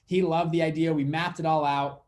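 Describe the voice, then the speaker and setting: A man's voice: fairly high pitch, flat delivery, normal speed, darkish tone. A young man, a fund manager guest, telling a story in a casual interview and acting out the dialogue as he goes.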